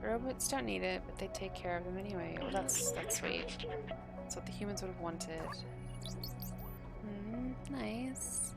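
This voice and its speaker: A woman's voice: mid-range voice, normal speed, vocal fry. A young woman streaming a video game live, chatting to her viewers and reacting aloud as she plays. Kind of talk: live gameplay commentary. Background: game music.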